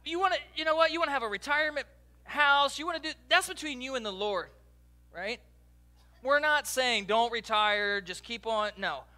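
A man preaching a sermon as a pastor, joking and talking directly to the congregation in a lively, conversational way. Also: very high voice, moderate pace. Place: church.

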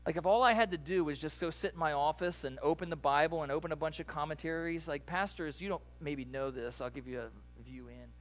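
Male pastor, slightly high voice, casual conversational sermon delivery with animated asides. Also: a little fast, few pauses.

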